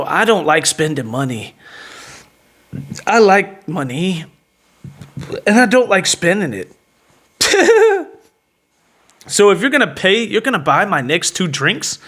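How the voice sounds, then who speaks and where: A man's voice: high voice, a bit bright. Brash mocking man telling a bar story. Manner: brash, mocking, laughs at his own story, repeats "like" and "you know what I mean". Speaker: podcast host. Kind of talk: boastful storytelling monologue.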